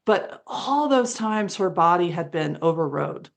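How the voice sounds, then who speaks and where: A woman's voice: fairly low pitch, unhurried, vocal fry. A woman guest in an interview, telling a story animatedly and acting out the dialogue. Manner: animated, acts out quoted dialogue with laughs.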